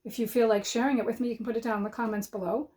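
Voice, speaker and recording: A woman teacher giving a writing lesson to young children, talking slowly and clearly and sounding out each word as she writes. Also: fairly high pitch, steady tone, darkish tone. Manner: slow, clear dictation for young learners.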